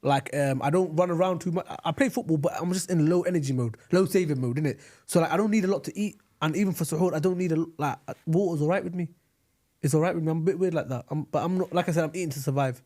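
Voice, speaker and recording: A young man with a London accent talks fast in a loose podcast chat, his voice sitting a little high. He jokes and trips over his words, restarting and repeating as he goes. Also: dark tone. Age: young adult. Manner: quick, joking, often restarts and repeats himself. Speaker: podcast host. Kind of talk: casual chat.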